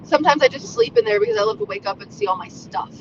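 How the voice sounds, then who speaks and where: A woman co-hosting by phone while she drives, loud and gushing, swearing and laughing as she chats. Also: high voice, big pitch swings, fast talker, dull audio. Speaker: podcast co-host calling in. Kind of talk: casual chat while driving. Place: in a car. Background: road noise.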